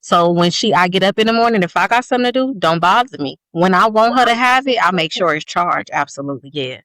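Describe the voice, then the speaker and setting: A woman's voice: fairly low pitch, animated, fairly bright tone, no echo. Blunt, profane woman on a podcast. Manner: blunt, profane, talks fast in long stories. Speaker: podcast co-host. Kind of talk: casual chat.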